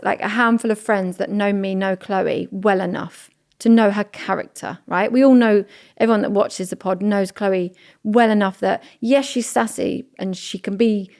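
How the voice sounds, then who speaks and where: A woman co-hosting a podcast, chatting casually and telling a story with lively acted-out quotes. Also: mid-range voice, vocal fry. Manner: animated storytelling, acts out quoted parents. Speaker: podcast co-host. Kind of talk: casual chat.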